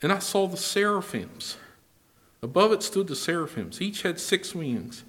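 His sermon rises and falls sharply in pitch as he shifts from loud statements to soft, low remarks. He reads scripture slowly, in an old-fashioned style.

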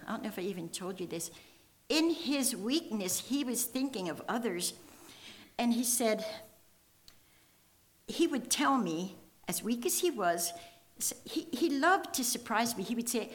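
A woman's voice: a little high, expressive, measured pace, pauses often. An older woman telling a personal faith testimony in an earnest, emotional storytelling manner, voicing the people in her story. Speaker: speaker sharing a testimony.

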